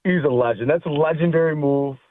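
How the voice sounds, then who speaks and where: A man's voice: on the high side, fairly quick, no room sound. A man in his twenties calling into a radio show, brash and laughing. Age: 20s. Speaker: radio caller. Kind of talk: casual phone-in chat. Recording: tinny phone line.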